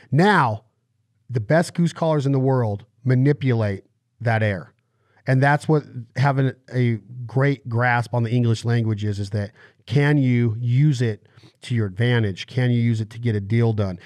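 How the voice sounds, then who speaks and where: A man's voice: medium pitch, darkish tone, no room sound, clean studio sound. A man hosting a podcast interview, explaining eagerly with analogies and acted-out quotes. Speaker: podcast host.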